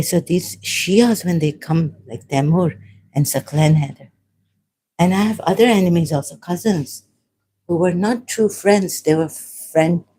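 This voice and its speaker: A tired woman from Pakistan talking alone on a livestream at home, halting and apologetic, often trailing off and restarting. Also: on the low side, dark tone, a little hiss or hum, rough recording. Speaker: livestream host. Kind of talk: rambling livestream monologue. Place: at home, making tea.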